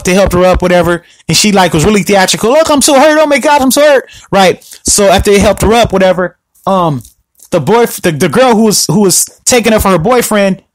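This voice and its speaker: A man rants alone into his podcast mic, his voice sitting high. He talks in an animated, confrontational way and keeps repeating himself. The sound is dry and close, with no room around it. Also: dry recording. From Southern California. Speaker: podcast host. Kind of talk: solo podcast rant.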